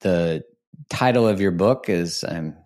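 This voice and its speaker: A man hosting a podcast, talking in a calm, even tone as he introduces the show and interviews a guest. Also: sits low, unhurried. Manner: calm, even-toned delivery. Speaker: podcast host.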